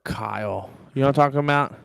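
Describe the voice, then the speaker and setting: A man's voice: mid-range voice, quick pace, creaky, clean tone, no room sound. A man co-hosting a sports podcast in casual, profane chat with a Philadelphia accent, often breaking into laughter. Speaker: podcast co-host.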